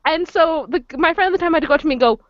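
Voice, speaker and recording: A woman hosting a casual stream chat and telling excitable, laughing stories. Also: very high voice, dry recording. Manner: excitable, storytelling, quick laughs. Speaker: host. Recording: dull lo-fi stream audio.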